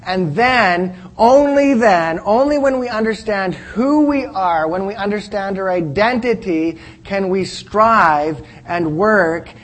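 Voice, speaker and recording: A man's voice: sits high, animated, takes it slowly, few pauses, poor audio. A man teaching in a sermon style. He speaks earnestly, repeats key phrases for emphasis and keeps checking in with his listeners. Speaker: preacher teaching a class.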